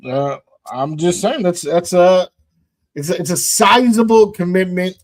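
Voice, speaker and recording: Animated slangy man on a podcast. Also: high-pitched, unhurried. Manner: animated, slangy, laughs often. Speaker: co-host. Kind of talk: casual sports podcast chat. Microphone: streamed podcast mic.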